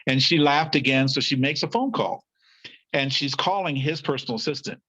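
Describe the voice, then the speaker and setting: A man's voice: mid-range voice, moderate pace, highs cut off. A man guest in a conversation, telling a story and acting out the people he quotes. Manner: lively anecdote-teller, acting out the people he quotes. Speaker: podcast guest.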